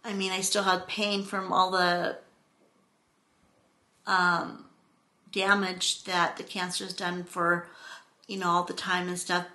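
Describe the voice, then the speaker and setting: A middle-aged woman telling a story to her camera in an unhurried, drawn-out way, rambling and expressive. Her voice is bright and forward. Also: fairly low pitch. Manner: rambling, expressive, acts out quotes with exclamations. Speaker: vlogger.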